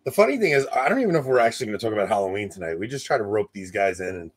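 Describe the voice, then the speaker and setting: A man co-hosting a casual livestream chat, loud and often laughing as he tells stories into a close desk mic. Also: lowish voice, big pitch swings, racing, slight background noise. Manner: loud, laughs a lot while telling stories. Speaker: podcast co-host. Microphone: desk mic close to face.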